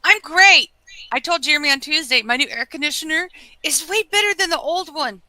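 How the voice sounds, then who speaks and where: Bright, blunt female co-host. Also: high-pitched, animated, a little fast, dry recording, poor audio. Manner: blunt, frank, swears freely. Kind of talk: casual movie review chat.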